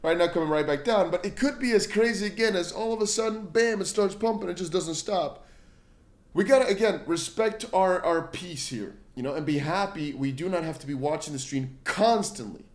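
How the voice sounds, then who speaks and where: A man hosts a relaxed crypto livestream and talks off the cuff. He rambles from point to point in a slangy way, often calling his viewers bro or brother. He reads out their comments and answers them as he goes. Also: high-pitched, a little fast. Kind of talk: casual livestream chat.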